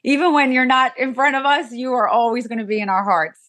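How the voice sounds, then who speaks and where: A woman with a fairly high voice, guesting on a podcast over a remote call. She is excitable and gushing, and she stumbles and restarts as her thoughts run ahead of her. The sound is dry and close. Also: fairly quick, no echo. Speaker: interview guest, mother. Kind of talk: emotional conversational storytelling.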